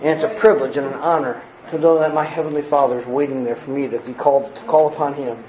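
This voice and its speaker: A man from the United States preaching a sermon, telling a childhood story with lively shouts and acted-out voices. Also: medium pitch, fast, echoey room, muffled recording, crowd noise. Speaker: pastor.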